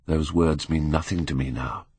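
Man reading bitter young man, quiet and cold, deep husky voice, dry sound. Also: steady tone, moderate pace, dry recording, heavily acted. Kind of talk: audiobook character reading.

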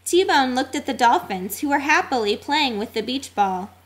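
A woman reading a children's storybook aloud, expressive and sing-song. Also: sits high, moderate pace. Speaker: narrator.

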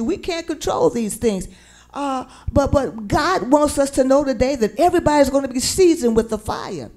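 A woman with a high, warm voice and a Southern American accent preaches from a church sanctuary. Her sermon includes sung lyrics, and the congregation answers her in call-and-response.

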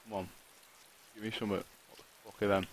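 A man's voice: fairly low pitch, flat delivery, fast, slight background noise, rough recording. A man talking to himself while live-streaming a survival game, swearing often and griping at the game. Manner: swears a lot, talks to himself and the game, frustrated outbursts. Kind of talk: live gameplay commentary.

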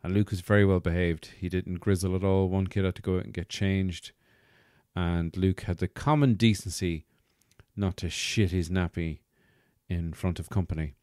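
A man's voice: low-pitched, steady tone, normal speed, a little mellow, no room sound, studio quality. A man hosting a podcast, telling a comic story in a wry, rambling, self-mocking way. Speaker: podcast host. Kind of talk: comic monologue.

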